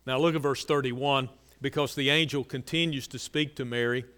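A man preaching a sermon, earnest and repetitive, pressing key phrases and then dropping to a soft, low delivery. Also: steady tone, normal speed, clean tone, big-room sound. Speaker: pastor.

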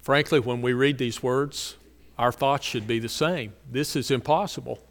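A man preaching a sermon, earnest and repetitive, pressing key phrases and then dropping to a soft, low delivery. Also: fairly even intonation, normal speed, long reverb tail. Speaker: pastor.

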